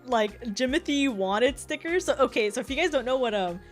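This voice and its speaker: A young woman streaming casually as a VTuber, talking fast and rambling with frequent giggles and lots of fillers. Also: high voice, lively intonation, soft background music.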